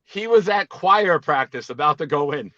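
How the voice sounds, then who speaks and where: Excitable man on a muffled call line. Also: fairly high pitch, normal speed, no echo. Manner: animated, excitable storyteller. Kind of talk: casual call-in chat.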